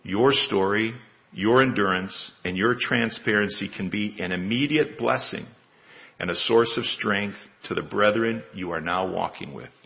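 Gravelly-voiced man in his sixties preaching. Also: lowish voice, pushed and bright, highs cut off. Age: 60s. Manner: measured, with rhetorical questions. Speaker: lay preacher. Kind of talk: sermon.

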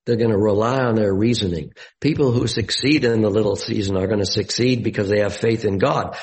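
A man giving a Bible study sermon, deliberate and explanatory, with emphatic rises on key words. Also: on the low side, darkish tone, rough recording.

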